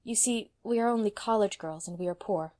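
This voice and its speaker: A woman voicing an earnest young college woman who speaks gently and hesitantly. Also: medium pitch, fairly quick, lightly acted.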